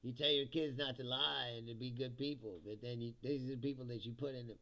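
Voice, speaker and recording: A man's voice: mid-range voice, fairly even intonation, quick pace, sharp tone, highs cut off. A man hosting a livestream, ranting casually about politics, laughing often and mocking people in put-on voices. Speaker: livestream host.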